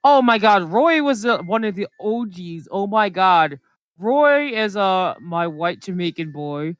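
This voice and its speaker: Co-host, casual podcast chat, smooth clear voice, dry close sound, rambly with lots of "like" and "um". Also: medium pitch, lively intonation, a little slow, no room sound. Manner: rambling, filler-heavy storytelling.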